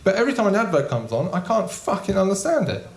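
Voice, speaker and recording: A young man doing a stand-up comedy set in a small club, deadpan and casual with frequent ums. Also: high voice, fast. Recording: echoey room.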